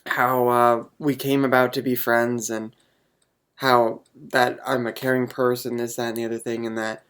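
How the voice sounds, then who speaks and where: Young man vlogger, unsure and halting, earnest, wears his heart on his sleeve. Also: mid-range voice, level tone, a bit bright, clean tone. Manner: hesitant, halting, full of ums; earnest and openly emotional. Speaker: vlogger answering viewer questions. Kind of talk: casual chat to camera.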